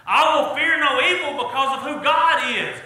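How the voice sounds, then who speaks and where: A man's voice: extremely high pitch, lively intonation, moderate pace, pushed and bright. A middle-aged man preaching a sermon in a folksy, earnest way, his emphasis rising as he drives home each point. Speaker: pastor. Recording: echoey church hall.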